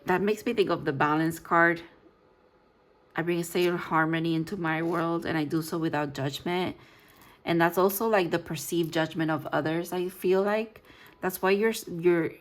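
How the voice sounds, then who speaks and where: A woman with a fairly low voice talks through a casual tarot reading. She thinks out loud, trips over words and restarts as she reads card text, and teases herself in a playful way. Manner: playful, jokes about herself. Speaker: tarot reader.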